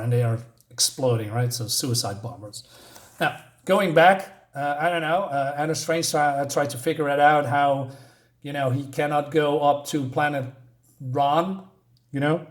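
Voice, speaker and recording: Rambling, ranting man with a higher voice. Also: moderate pace. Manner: rambling, ranting, lots of fillers and restarts. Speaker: comic book reviewer. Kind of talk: casual spoken review.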